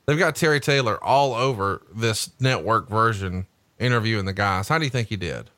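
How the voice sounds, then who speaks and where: A man's voice: fairly low pitch, normal speed, pushed and bright, no room sound. A man hosting a podcast, asking blunt, profane questions in casual interview style. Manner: crude, reads book passages aloud. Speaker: podcast host.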